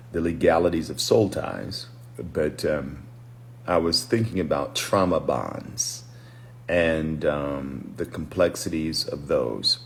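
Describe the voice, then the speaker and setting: A man's voice: very deep voice, slight background noise. A man who is a pastor and deliverance minister, giving a reflective late-night livestream talk and greeting viewers by name between his thoughts.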